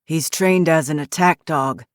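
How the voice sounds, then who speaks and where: A woman voicing a grumpy retired male detective in his sixties, hoarse, with a Yooper twang and curt, suspicious speech. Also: on the high side, unhurried, no room sound, studio quality, natural voice. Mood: gruff. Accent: Yooper (Upper Michigan). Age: 60s.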